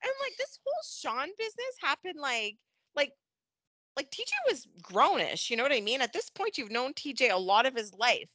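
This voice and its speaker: A woman co-hosting a podcast in casual chat, animated and laughing, acting out characters' lines. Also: high voice, moderate pace, no echo. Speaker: podcast co-host. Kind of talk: casual chat recapping a soap opera.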